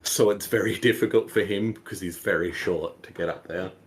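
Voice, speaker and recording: A man narrating as game master in a tabletop game, relaxed and full of fillers and small laughs. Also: low-pitched, brisk, husky.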